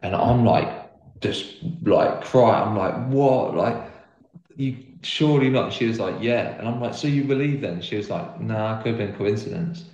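A man's voice: fairly low pitch, expressive, moderate pace, darkish tone, muffled recording. Earnest young man, roomy sound. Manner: rambling, full of "like" fillers, earnest. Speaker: guest footballer. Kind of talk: casual storytelling chat. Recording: roomy echo.

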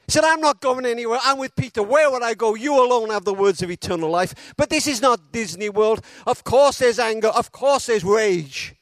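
A man delivers a sermon in a notably high voice. He tells his story with dramatic pauses and fills the quotes with feeling. The sound is dry, with no room echo. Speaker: preacher.

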